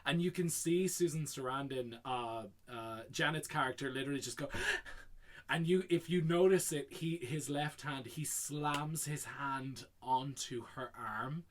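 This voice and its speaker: A man co-hosting a podcast, chatting casually about a film, quick and laughing. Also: medium pitch. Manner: quick, laughing, acts out movie lines. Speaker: podcast co-host.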